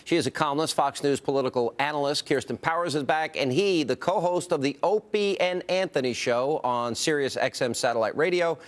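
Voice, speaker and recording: Combative TV host, slightly high voice. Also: male voice, brisk, hardly any pauses. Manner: combative, interrupting. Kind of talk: political panel show.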